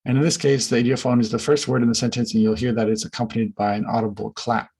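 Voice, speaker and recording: A man presenting research findings in an academic conference talk, measured and careful, with frequent fillers and restarts. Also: mid-range voice, level tone, a little mellow, breathy edge, low-quality recording.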